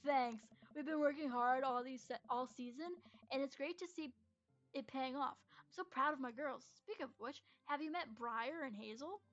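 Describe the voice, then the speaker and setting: A woman reading Craig, a proud softball dad. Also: sits high, moderate pace, dull audio. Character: dad who coaches girls' softball, proud and friendly.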